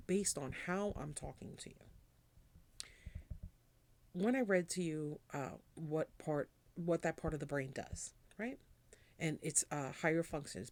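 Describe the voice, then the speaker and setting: A woman's voice: low-pitched, a little mellow. A woman, hosting a podcast as a casual, rambling monologue, blunt and chatty with casual swearing. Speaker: podcast host.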